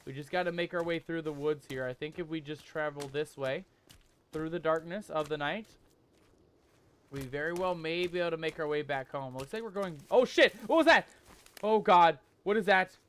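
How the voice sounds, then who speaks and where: High-voiced, jumpy gaming streamer man. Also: normal speed, smooth. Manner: jumpy, excitable, loud when scared; calls viewers "mateys". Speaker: gaming YouTuber. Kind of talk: let's play commentary.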